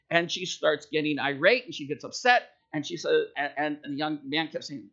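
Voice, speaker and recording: Gravelly, bright-voiced male preacher. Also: on the high side, moderate pace, few pauses, lo-fi sound. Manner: conversational, tells jokes and stories, checks in with listeners. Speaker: pastor. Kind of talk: sermon.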